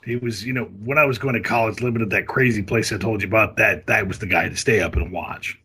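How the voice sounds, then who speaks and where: A middle-aged man guesting on a podcast, talking in a loose comic way and breaking into cartoon impressions and shouts. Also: on the low side, fast talker, breathy edge.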